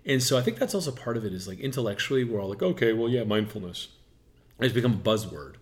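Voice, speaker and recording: A man's voice: medium pitch, animated, rapid-fire. A man hosts an interview podcast, speaking in a frank, casual way. He often checks in with his guest as he talks. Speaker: podcast host. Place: dining room.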